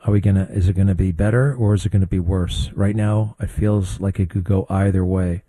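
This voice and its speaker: An older man hosting a talk show, giving blunt, conversational political commentary with quick asides. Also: low voice, steady tone, mellow, dry recording. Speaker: radio talk show host.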